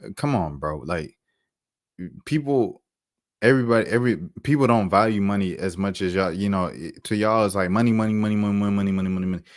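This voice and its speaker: Man, deep low voice, commentary host, animated repetitive talk, dry close sound. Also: fast talker, dry recording. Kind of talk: casual commentary monologue.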